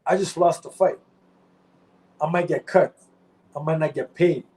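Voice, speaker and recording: A man's voice: a little high, fairly even intonation, a little slow, a little mellow, poor audio. A man who used to fight professionally, talking heatedly in an interview, swearing often and repeating himself as he argues. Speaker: former pro fighter, guest. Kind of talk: candid interview talk.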